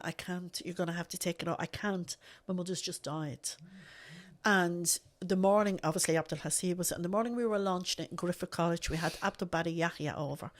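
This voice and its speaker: Earnest woman telling her story. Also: on the low side. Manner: earnest, repeats phrases for emphasis. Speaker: guest. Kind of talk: emotional personal storytelling.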